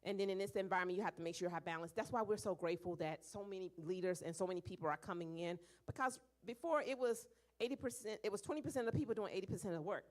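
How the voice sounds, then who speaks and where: Young woman, church leadership talk, lively, animated, mid-pitched voice. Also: very fast. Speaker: guest speaker on leadership. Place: church meeting hall.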